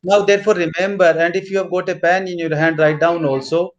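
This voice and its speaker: A man teaching a literature class, repeating key points slowly as if dictating notes. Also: high voice, level tone, dull audio, a little hiss or hum. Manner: mixes in Hindi instructions. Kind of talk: classroom lecture.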